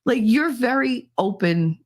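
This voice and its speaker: Hosting a livestreamed podcast, a middle-aged woman with a slightly high, expressive voice talks a little slowly. She chats casually with her viewers, teasing them, swearing, and frequently laughing.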